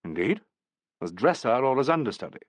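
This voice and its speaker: A man's voice: mid-range voice, big pitch swings, fairly quick, no echo, close to an everyday voice. Autocratic male actor-manager, curt and commanding, read by a man, dry close sound. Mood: brusque. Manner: brusque, commanding.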